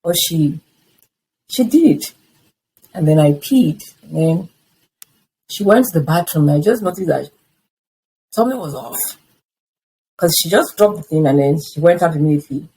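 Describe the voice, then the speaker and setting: Husky-voiced woman in her fifties. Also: deep voice, moderate pace, long pauses, rough recording. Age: 50s. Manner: animated storytelling that acts out past conversations. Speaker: interview guest. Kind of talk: personal testimony in a conversational interview.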